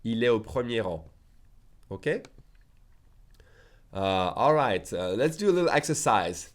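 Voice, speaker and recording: A man with a French accent, a native French speaker teaching a casual language lesson, who says his example sentences slowly and keeps checking in with "okay?". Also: lowish voice, animated. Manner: slow deliberate pronunciation of French examples, frequent "okay?" check-ins.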